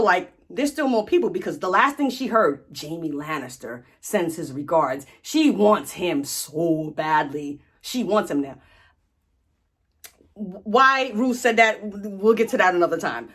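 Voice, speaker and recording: A woman hosting a casual, animated story recap in slangy speech, acting out the quotes as she goes. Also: mid-range voice. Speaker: host.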